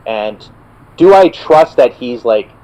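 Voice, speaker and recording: A man's voice: medium pitch, lively intonation, slow pace, mellow, poor audio. A man playing in a tabletop game, chatting casually and hesitantly, with many fillers and restarts. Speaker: player.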